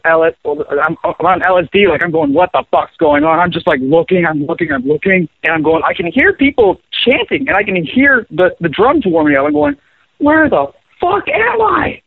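A young adult man, a touring bass player, telling rambling, profane, joking road stories as the guest in a casual interview. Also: dry recording. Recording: tinny phone-line sound, dry.

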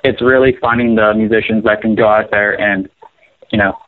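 Touring bassist guest, young man, joking and swearing, phone-line sound. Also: steady tone, normal speed, no room sound. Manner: rambling storyteller, profane and joking. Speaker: touring bass player, guest. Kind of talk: casual interview.

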